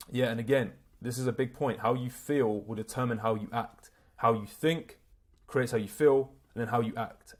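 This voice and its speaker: An energetic man speaks straight to camera as a self-improvement coach. He talks in a loose, slangy way and swears freely. His pitch sits at an ordinary middle level for a man. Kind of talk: motivational talk to camera.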